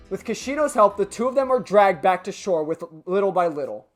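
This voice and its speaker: Hoarse narrator for a game playthrough, casual commentary, faint music behind. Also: medium pitch, expressive, fairly quick, hardly any pauses.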